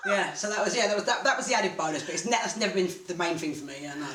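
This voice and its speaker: A woman, a boxing promoter telling animated stories as an interview guest. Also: on the low side, very fast. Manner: animated, laughing storyteller. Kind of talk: casual storytelling interview. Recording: echoey room, mic at a distance, faint noise.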